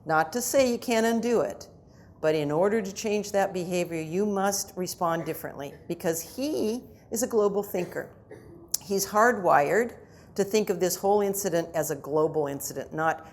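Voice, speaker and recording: A middle-aged woman giving a conversational lecture to parents at a conference, with lively asides to the audience. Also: lowish voice, moderate pace. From United States. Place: conference hall.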